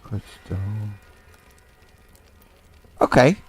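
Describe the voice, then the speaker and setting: A man's voice: extremely slow, soft background music. A man casually commentating as he plays an online role-playing game, muttering to himself, thinking aloud and spelling out words into a desk microphone. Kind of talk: casual let's-play commentary.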